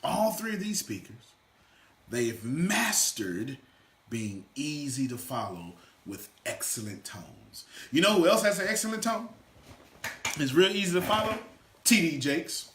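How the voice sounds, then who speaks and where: A man giving an energetic motivational teaching talk to a small live audience, swinging from loud shouts to quiet asides. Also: a little high, unhurried. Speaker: motivational coach. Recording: echoey room.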